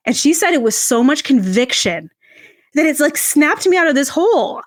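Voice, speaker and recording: A woman podcast guest telling a personal story in an animated, expressive way, acting out the voices she quotes. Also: moderate pace, no echo, clean studio sound. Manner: expressive, acts out quoted voices with big pitch jumps.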